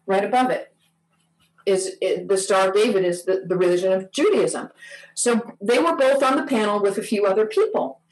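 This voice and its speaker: A woman tells a story during a church service, often stopping and repeating her words. Her voice sits at an ordinary middle pitch. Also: moderate pace, a little mellow, poor audio. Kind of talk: storytelling sermon.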